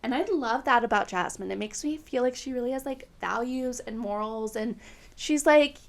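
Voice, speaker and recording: Gravelly chatty woman podcast host. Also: a little high, normal speed. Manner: chatty, filler-heavy, opinionated. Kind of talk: casual TV recap chat.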